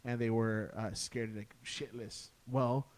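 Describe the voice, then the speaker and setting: A man's voice: medium pitch, fairly even intonation, takes it slowly, a little mellow. Swearing young man telling a ghost story. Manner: profane, peppered with "dude" and "like". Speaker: podcast guest.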